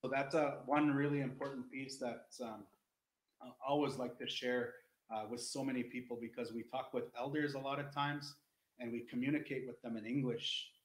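A man's voice: medium pitch, fairly even intonation, normal speed, echoey room, poor audio. A man, an Indigenous educator, explaining culture in an earnest, rambling teaching talk full of restarts.

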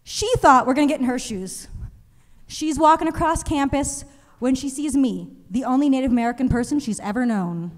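A young woman doing a stand-up comedy set, telling animated stories and acting out other people's voices. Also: high-pitched, moderate pace. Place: comedy stage in a museum venue. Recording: live show in a reverberant hall.

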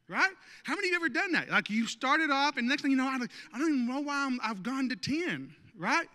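A man's voice: extremely high pitch, big pitch swings, fast talker, hardly any pauses, bright, forceful tone. A man preaching a sermon as pastor, conversational and joking with the congregation. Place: church sanctuary. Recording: long church hall reverb.

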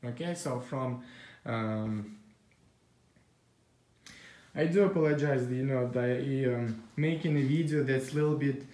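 A man's voice: medium pitch, dark tone. Non-native man walking through a job. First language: not English. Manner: halting, searching for words, many restarts. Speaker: air duct cleaner. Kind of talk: walkthrough narration on the job. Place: inside a house.

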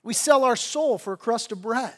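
A man's voice: lively intonation, moderate pace. A man preaching a sermon as pastor, reading scripture and breaking into casual, slangy asides, rising and pressing when he exhorts. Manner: conversational preaching, grows louder and higher when exhorting.

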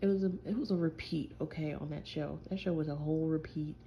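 A woman playing a gravelly teasing vampire boyfriend. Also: low-pitched, fairly even intonation, fast talker, warm tone, highs cut off, slight background noise. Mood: tired. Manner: teasing, playful, drawling slang. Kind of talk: listener role-play audio.

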